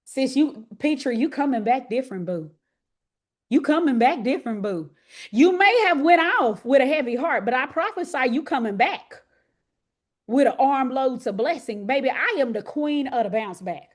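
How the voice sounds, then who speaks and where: High-voiced Texas woman preaching. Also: animated, normal speed. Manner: folksy, country slang, talks to listeners by name. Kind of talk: lively sermon to women's group.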